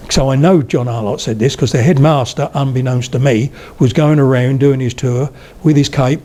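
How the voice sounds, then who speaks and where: A man's voice: medium pitch, dark tone, slight background noise. An older man giving a public lecture, telling humorous anecdotes as he goes. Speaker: speaker on the history of spoken English.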